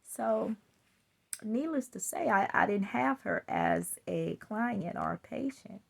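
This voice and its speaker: Her voice is medium-pitched, gravelly and husky, animated but taking things slowly. Chatting through a personal story, she laughs at times and acts out people's quoted words.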